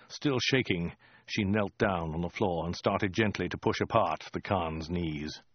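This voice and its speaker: A man narrating a comic story in a dry, deadpan way. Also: low voice, slightly rough, no room sound, lo-fi sound. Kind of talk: audiobook reading.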